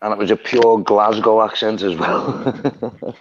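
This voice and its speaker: A man's voice: on the low side, takes it slowly, dry recording, lo-fi sound. A man with a Liverpool accent hosting a live stream, rambling through stories and laughing often. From Liverpool, England. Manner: chatty, rambling storyteller who laughs often. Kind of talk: casual chat. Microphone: phone.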